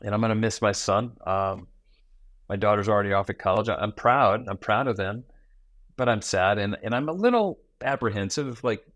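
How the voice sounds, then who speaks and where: A man in his forties, a podcast guest who tells stories in a lively way and acts out small talk in quick asides. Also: lowish voice, no room sound. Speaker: guest, founder and keynote speaker. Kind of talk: conversational podcast interview.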